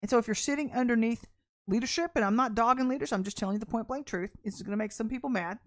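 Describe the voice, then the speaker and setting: A woman's voice: a little high, fast talker, dry recording, studio quality. A woman preaching a sermon in a blunt, conversational and emphatic way.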